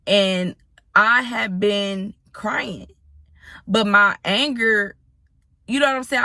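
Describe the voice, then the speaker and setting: Creaky, bright-voiced woman telling a story. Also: mid-range voice, dry recording. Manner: profane, blunt, talks straight to the viewers. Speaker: storytime vlogger. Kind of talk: casual storytelling to camera.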